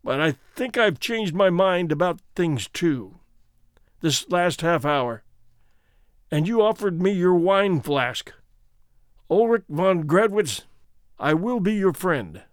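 A stern, earnest forest landowner speaks in a measured way, his pitch rising and falling widely, as a male narrator reads him. The voice sits a little high for a man and sounds dry and close to the mic, like an audio story. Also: lively intonation, dry recording.

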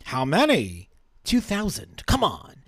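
A man voicing a feverish, dying gangster with a Southern drawl, rambling in a halting way. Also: high voice, huge pitch swings, a bit bright, husky, dry recording, pitched above the performer's own voice, heavily acted. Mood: fevered. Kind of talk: playful dramatic reading.

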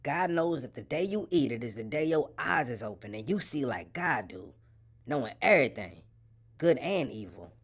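A man's voice: mid-range voice, very animated, normal speed, voice pushed up. A man voicing a sly, slick male snake who tempts someone in slangy street talk. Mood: coaxing. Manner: slangy, coaxing.

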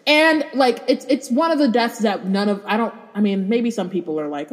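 A woman co-hosting a podcast in casual chat, rambling and animated, with filler words everywhere. Her pitch sits in a middle range. A long hall reverb hangs behind her voice. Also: brisk. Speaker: podcast co-host.

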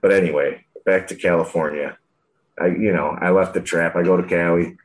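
A young man with a very deep, low voice tells a story in loose, slangy talk. He swears freely and rambles from one aside to the next. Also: fairly even intonation, normal speed, echoey room, low-quality recording. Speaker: guest telling a story. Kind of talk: casual storytelling.

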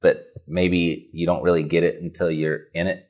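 A man with a very low, deep voice co-hosts a casual podcast. He talks in a loose, rambling way, restarting and correcting himself as he goes. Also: little pitch movement, moderate pace, a little mellow. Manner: conversational, rambling, self-correcting. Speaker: podcast co-host. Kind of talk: casual business podcast chat.

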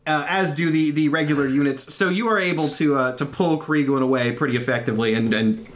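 A man's voice: fairly high pitch, brisk. A man narrating as game master for a tabletop game, rambling and laughing as he describes scenes. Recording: faint background noise.

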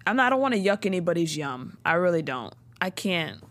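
A woman, co-hosting a casual chat and telling the story in a slangy, animated way with frequent laughs. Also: fairly low pitch, a little fast. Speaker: podcast co-host recapping a TV show.

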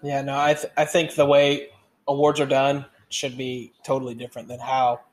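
A man's voice: medium pitch, completely flat delivery, normal speed. A man co-hosting a casual podcast from home, talking in a blunt, dry, matter-of-fact way. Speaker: podcast co-host, service member. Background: dogs at home.

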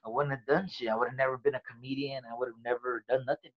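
A man in a relaxed interview tells his own story in loose, profane street talk. He drops in the lines other people said as he goes. The recording is a bit dull and lo-fi, and his voice sits in a middle register. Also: mid-range voice, fast talker. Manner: swearing, streetwise storytelling with quoted dialogue. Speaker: interview guest, comedian.

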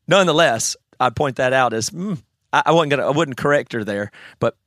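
A man with a Southern US accent, talking in casual conversation, opinionated and animated, laughing often. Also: medium pitch, a little fast, no room sound. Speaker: conference guest.

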